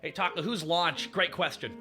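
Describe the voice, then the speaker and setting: A man streaming, chatting casually in an animated, joking and profane way, laughing often. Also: on the high side, moderate pace, faint music behind. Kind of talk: casual chat.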